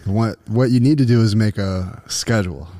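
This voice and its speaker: A man co-hosting a podcast, relaxed and easygoing. His voice sits low and sounds warm and mellow as he chats casually and mostly gives short agreeing replies. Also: normal speed. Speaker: podcast co-host. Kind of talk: casual chat.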